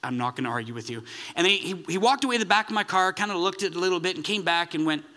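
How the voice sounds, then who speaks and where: A man's voice: sits high, very fast, sharp tone. A man preaching a sermon in a chatty, self-deprecating storytelling way, with many restarts. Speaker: pastor.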